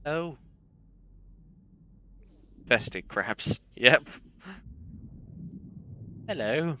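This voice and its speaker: A young man chats while he plays, drifting from the game into long personal stories told with dry, self-deprecating humour. His voice sits at an ordinary middle pitch with a notably bright, forward tone. He keeps the talk loose and casual throughout. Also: lively intonation, very slow, slight background noise. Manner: chatty, rambling anecdotes with self-deprecating humour. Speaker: game streamer. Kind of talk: casual gameplay commentary and storytelling.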